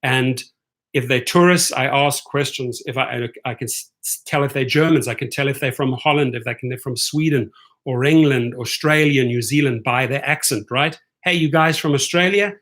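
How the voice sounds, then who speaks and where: A middle-aged man giving an energetic, motivational talk as a driving coach, often checking in with viewers by asking "right?". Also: mid-range voice, moderate pace.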